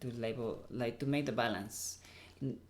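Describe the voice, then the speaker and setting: A man with a Mexican accent, a Spanish speaker talking as an actor guest in a casual interview, halting and restarting as he searches for English words. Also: medium pitch, darkish tone, a little hiss or hum.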